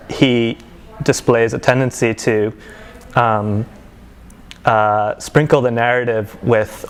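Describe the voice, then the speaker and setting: A man's voice: mid-range voice, clean tone. A literary translator talking casually about a novel he has translated. He stops often for ums and restarts. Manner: hesitant, many ums and restarts. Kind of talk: casual book presentation with commentary. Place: event setting with faint ambience.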